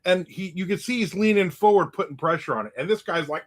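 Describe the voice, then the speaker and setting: A man telling a story in a casual monologue, animated and acting out the people in it with raised voices. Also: high voice, fast, few pauses.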